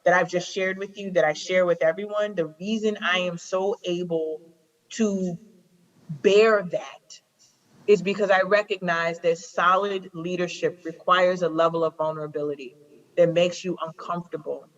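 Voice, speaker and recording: Here a woman in her forties, a prosecutor from Chicago appearing as a guest, talks at a moderate pace in a fairly low, even voice. She tells stories passionately but conversationally, stressing and repeating her main phrases. The lo-fi recording sounds a bit dull.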